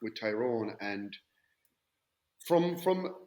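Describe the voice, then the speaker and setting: Man hosting, telling lively anecdotes. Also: fairly low pitch, drawn-out words. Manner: lively anecdotes, acts out quoted lines. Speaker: podcast host, former player. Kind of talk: casual storytelling chat.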